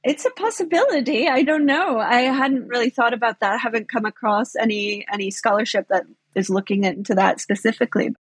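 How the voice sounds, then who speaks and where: A woman's voice: a little high, brisk, hardly any pauses, slightly rough, no room sound. A woman guest on a history podcast, explaining things thoughtfully and often saying "sort of". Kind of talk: podcast interview.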